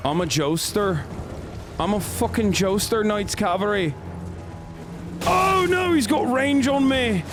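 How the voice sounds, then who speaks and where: A man's voice: sits high, animated, slow pace, pauses often, loud music behind the voice, voice pushed up. A man putting on a brash Scouse lad. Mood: frantic. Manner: cocky, swears constantly, says bruv. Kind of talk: comic put-on voice while gaming.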